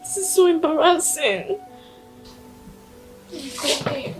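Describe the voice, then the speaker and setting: A man's voice: extremely high pitch, music in the background. An actor playing an embarrassed young man with a Nigerian accent, apologizing to his girlfriend. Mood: apologetic. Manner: apologetic, slow.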